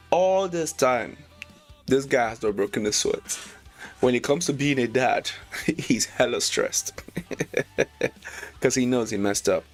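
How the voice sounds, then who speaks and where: A man casually reviewing a manga chapter, reading lines aloud, excited and slangy, laughing often. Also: fairly low pitch. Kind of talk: casual read-along commentary.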